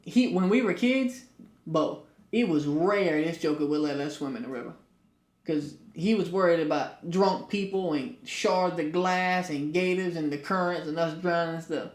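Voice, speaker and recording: Animated man in an echoey room. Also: fairly high pitch, normal speed. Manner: animated storyteller, rising loud for punchlines. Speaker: podcast co-host. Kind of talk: casual chat.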